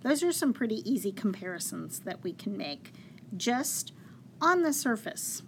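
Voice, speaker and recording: Slow-speaking patient woman teacher. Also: mid-range voice, very animated, slight background noise. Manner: patient, explains step by step, counts syllables aloud slowly. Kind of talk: classroom lesson on poetry.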